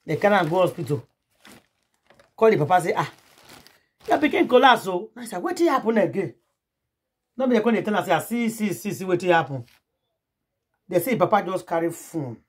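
Husky Nigerian woman telling gossip. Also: lowish voice, big pitch swings, fairly quick, pauses often. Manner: dramatic, acts out the quoted voices, calls on the audience directly. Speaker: celebrity gossip vlogger. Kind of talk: animated gossip storytelling.

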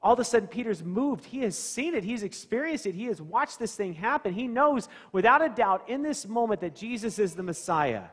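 A man's voice: high-pitched, lively intonation, brisk, few pauses, fairly bright tone, husky, long reverb tail. A male pastor giving a conversational sermon in a church, asking the congregation questions and acting out scenes. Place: church sanctuary.

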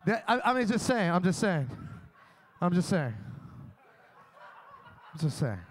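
A man's voice: high voice, very animated, slow pace, a little hiss or hum. A young man doing a crude, boastful stand-up set in a comedy club. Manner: brash, crude, boastful storytelling.

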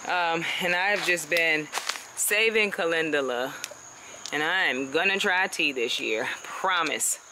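A home gardener vlogger walks viewers through her backyard garden on a handheld phone, chatting casually, laughing often, and calling them y'all. Her voice is low and slow, set against a noisy background.

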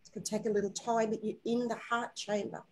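A woman guiding a spiritual inner-child healing session, talking softly and slowly and coaxing with endearments. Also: medium pitch, level tone, rough recording. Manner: soft, slow, coaxing guidance with gentle endearments.

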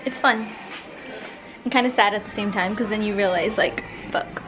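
A woman's voice: mid-range voice, moderate pace, over music. A young woman vlogging in a furniture store, talking to the camera in a chatty and playful way. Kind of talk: casual vlog chat.

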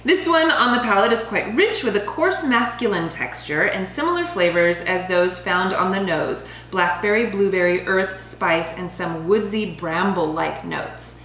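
A woman's voice: medium pitch, expressive, measured pace, few pauses, fairly bright tone. Woman in her thirties, casual wine review vlog, bubbly, laughs easily, roomy room, faint hum. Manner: bubbly, laughs often, stumbles over foreign names.

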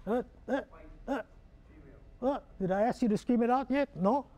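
A man's voice: very high voice, normal speed, mellow. A man with a Hawaiian Pidgin accent giving a humorous keynote talk, joking and quizzing the audience with questions. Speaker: keynote speaker.

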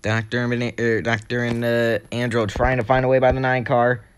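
A young man with a scratchy throat calling a video game race, getting excitable as the crashes pile up. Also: mid-range voice, brisk, smooth. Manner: excitable, rising to shouts at crashes. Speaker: race commentator.

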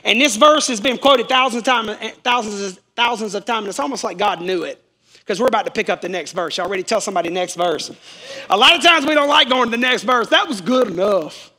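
A man's voice: sits high, fairly quick, sharp tone. A male pastor preaching a sermon with emphatic repetition, calling on the congregation to answer back. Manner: emphatic, repeats key phrases, calls on the congregation to respond.

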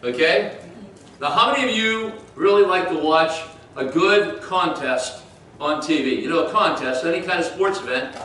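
High-voiced preacher in an echoey church. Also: male voice, animated, normal speed, bright, forceful tone, slight background noise. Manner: conversational preaching with audience questions. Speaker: pastor. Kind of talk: sermon. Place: church sanctuary. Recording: echoey church room from far off.

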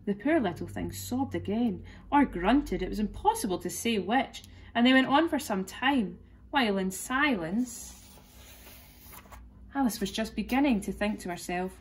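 A woman, a teacher, reading a children's classic aloud clearly and expressively. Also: medium pitch, animated, unhurried. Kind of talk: storybook read-aloud.

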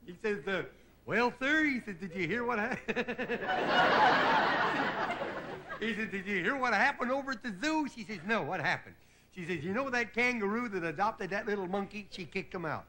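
A man hosting a TV variety show, delivering a stand-up monologue. He chuckles at his own jokes and slips into quick voices for the people in them. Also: high voice, very animated. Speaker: comedian host. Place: TV studio stage before a live audience. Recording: loud hiss on a 1960s TV broadcast.

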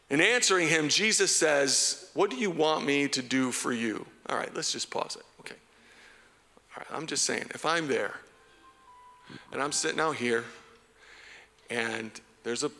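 Animated preaching man in a reverberant hall. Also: mid-range voice, gravelly. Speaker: pastor. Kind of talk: sermon. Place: church hall.

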